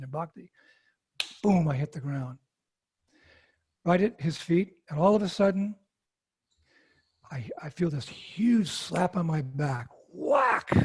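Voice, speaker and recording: A man, a monk being interviewed, telling a personal story with animated acted-out quotes. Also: on the high side, husky.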